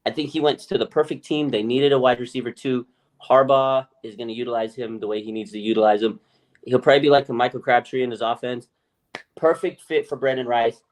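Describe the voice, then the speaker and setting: A man co-hosting a podcast, chatting in a lively, casual way, swearing freely and acting out other people's voices. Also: mid-range voice, fairly quick. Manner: animated, swears freely, acts out quoted voices. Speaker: podcast co-host. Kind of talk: casual sports chat.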